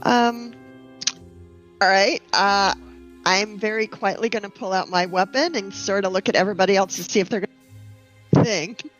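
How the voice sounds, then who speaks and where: A woman's voice: mid-range voice, normal speed, long pauses. A woman talks tentatively as a player in a tabletop game. The recording sounds dull and lo-fi, with faint music behind. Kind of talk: casual tabletop play.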